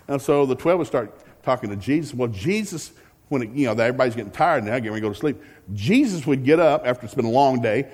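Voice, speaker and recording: A male pastor preaching a folksy, joking sermon with animated storytelling. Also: mid-range voice, fast talker, husky. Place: church sanctuary. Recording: long reverb of a large hall.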